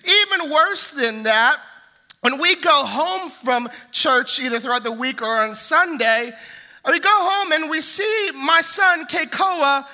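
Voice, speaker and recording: A young man preaching a sermon, telling lively family stories and acting out the voices of the people in them. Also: very high voice. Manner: animated storytelling, acts out family voices. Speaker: pastor.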